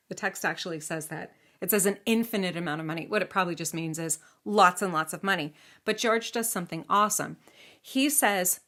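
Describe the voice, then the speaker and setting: A woman's voice: medium pitch, normal speed, pushed and bright. Woman narrating a legend to a kid, playful and chatty, easy and unscripted. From United States. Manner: chatty, playful, with asides and questions. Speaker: storyteller. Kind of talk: casual storytelling to a child.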